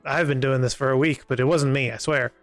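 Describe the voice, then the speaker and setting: A Canadian man chats casually while streaming a game, drifting into self-mocking asides. His voice is gravelly and sits a little high. The sound is dry, with music playing faintly behind. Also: fairly even intonation, fairly quick, dry recording. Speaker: gaming streamer. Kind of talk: casual live game commentary.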